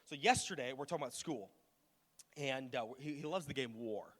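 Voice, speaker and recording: A man's voice: mid-range voice, a little fast, a bit bright. A man in his thirties preaching a sermon as pastor, casual and joking, often poking fun at himself. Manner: casual, joking, self-deprecating. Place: large church auditorium. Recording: long hall reverb with faint music.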